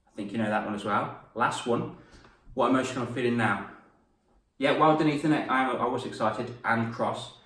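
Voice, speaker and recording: Encouraging male coach, mid-pitched, teaching kids live; roomy sound, mic a little distant. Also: moderate pace, a bit bright. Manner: upbeat, encouraging, praising viewers by name. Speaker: confidence coach. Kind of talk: live online lesson for children. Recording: echoey room, voice from off-mic.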